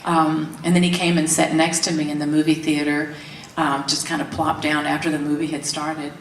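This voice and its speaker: A woman's voice: low voice, normal speed, distant mic, slight background noise. An older woman, telling stories candidly in an interview and acting out the voices she quotes. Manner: animated storytelling, acts out quoted voices, laughs often. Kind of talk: candid storytelling. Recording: roomy echo from off mic, faint ambience.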